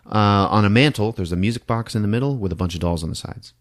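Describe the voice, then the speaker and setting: A man's voice: lowish voice, fast. A man hosting a podcast, casually retelling a film plot with lots of laughter and acted-out bits. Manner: animated, laughing often, acting out scenes. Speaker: podcast host. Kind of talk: casual movie recap.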